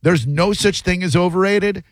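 Radio host guy, kinda high voice, joking and opinionated, dry studio sound. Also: normal speed, no room sound. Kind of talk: call-in radio talk. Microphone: studio microphone.

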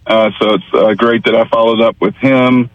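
A man's voice: on the low side, steady tone, moderate pace, no echo. A man calling into a sports radio show, chatting casually and telling a story. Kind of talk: casual call-in chat. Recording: muffled phone line.

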